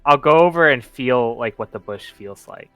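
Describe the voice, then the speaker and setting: A man's voice: mid-range voice, animated, normal speed, fairly bright tone, clean tone, faint music behind. Curious male tabletop player. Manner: curious, questioning. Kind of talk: tabletop role-play.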